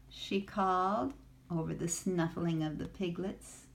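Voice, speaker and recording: An older woman reads a picture book aloud to a child, gentle and inviting. She takes each line very slowly and stops to ask the listener questions. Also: fairly low pitch, steady tone. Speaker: storyteller.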